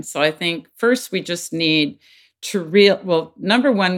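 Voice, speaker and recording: Low-voiced earnest woman guest. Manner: earnest, acts out quoted voices with big pitch jumps. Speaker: podcast guest, child advocate. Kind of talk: conversational interview talk.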